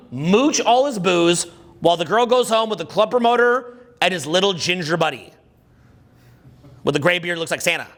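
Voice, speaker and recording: A man with a high voice leads a live dating seminar. He talks crudely and jokes constantly. He keeps quizzing the audience and has them repeat key terms back. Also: fairly bright tone. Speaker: dating coach.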